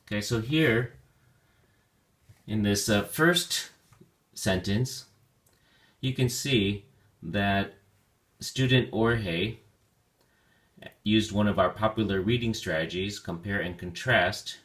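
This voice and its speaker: A man teaching a vocabulary lesson, speaking slowly and deliberately and stretching out key words for learners. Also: on the low side, steady tone.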